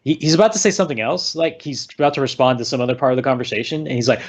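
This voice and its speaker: A man recaps a movie in loose, rambling chat, slipping into quoted lines and chuckling. His voice sits in a middle pitch. The recording sounds a little muffled and lo-fi. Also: racing, hardly any pauses. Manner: rambling retelling, acting out lines with laughs. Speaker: podcast co-host recapping a movie. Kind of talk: casual chat. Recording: slightly dull lo-fi recording.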